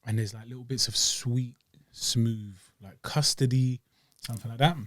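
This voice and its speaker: Male co-host, mid pitch, loose slangy banter. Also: moderate pace, a little hiss or hum. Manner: slangy, jokey, animated. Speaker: podcast co-host. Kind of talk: casual chat.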